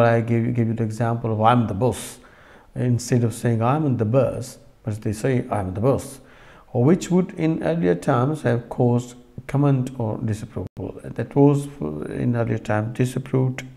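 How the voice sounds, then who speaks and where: A man giving a recorded lecture to students, explaining slowly with many fillers and restarts and talking straight to the class. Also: mid-range voice, creaky, warm tone.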